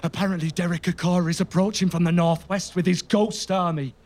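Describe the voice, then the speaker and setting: An actor playing a nervous, deferential royal guard in a comedy audio drama, flustered when reporting. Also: male voice, sits high, fairly even intonation, fairly quick, a little mellow. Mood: anxious.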